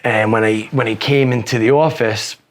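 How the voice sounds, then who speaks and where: A man with a medium-pitched, fairly evenly intoned voice tells his life story as a podcast guest at a moderate pace, over a little hiss or hum. He's casual and rambling, swearing plenty and saying "you know" over and over.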